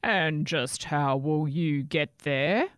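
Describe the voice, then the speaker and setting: A woman voicing a greedy male bridge troll who growls his words slowly in a storybook reading. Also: low voice, no room sound, clean studio sound. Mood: menacing. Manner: growling, slow and drawn out.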